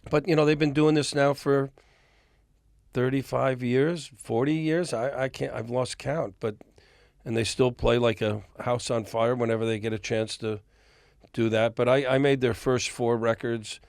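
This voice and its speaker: On a podcast interview, an older man who works in the music industry tells long, animated stories and performs the quoted dialogue himself. His mid-range voice moves at a normal speed, recorded at studio quality with no room sound.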